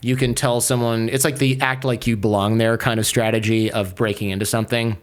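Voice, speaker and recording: A man being interviewed, telling a story in a lively, casual way and peppering his speech with "like". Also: medium pitch, fairly quick. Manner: animated, acts out quoted voices, many filler "like"s. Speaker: podcaster guest.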